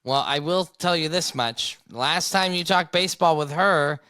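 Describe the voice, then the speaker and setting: A man's voice: a little high, moderate pace, sharp tone, smooth. A young man with a congested nasal voice co-hosting a casual podcast with his father, chatting in a rambling, self-deprecating way. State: congested, sinus infection. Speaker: podcast co-host.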